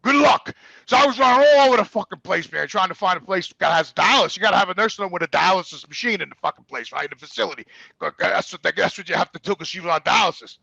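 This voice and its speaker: Man, very high pitch, fast, gravelly, bright tone, dry sound, profane and emphatic storyteller. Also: lively intonation, no echo, highs cut off. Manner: profane, emphatic, acts out quoted voices. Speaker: guest storyteller. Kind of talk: casual storytelling.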